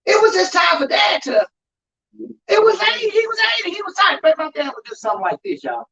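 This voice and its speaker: A man's voice: very high voice, fairly quick, vocal fry. A man speaking as an undertaker, telling stories about grief to an audience in an emphatic, preaching style. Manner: animated, emphatic storytelling, addresses crowd as y'all. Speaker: undertaker giving a talk on grief. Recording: dull lo-fi live recording.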